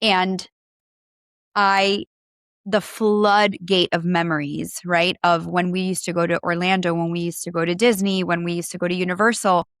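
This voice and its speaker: A woman's voice: fairly low pitch, level tone, moderate pace, a bit bright, no room sound, studio quality. A woman co-hosting a podcast in casual chat, emotional and rambling, with many restarts and trailing thoughts. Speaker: podcast co-host.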